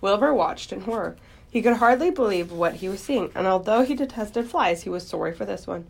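Woman reading a children's story gently. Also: medium pitch, fairly quick, vocal fry, breathy edge. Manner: gentle, expressive. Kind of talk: reading a children's book aloud.

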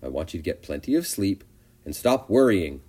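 A man reading a storybook aloud, voicing a calm, wise female spider who is soothing and gently firm. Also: low-pitched, moderate pace, breathy edge, exaggerated voice.

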